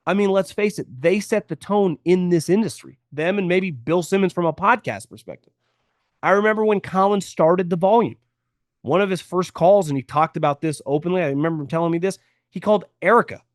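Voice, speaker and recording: A man's voice: high voice, dry recording, studio quality. Blunt opinionated man hosting a sports podcast. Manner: blunt, opinionated, emphatic repetition. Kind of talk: casual sports media commentary.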